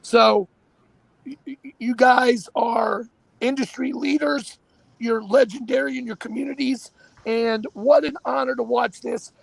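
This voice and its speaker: Husky high-voiced emphatic male host. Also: unhurried, dry recording. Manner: animated, emphatic, repeats himself. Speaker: show host. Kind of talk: casual talk show chat.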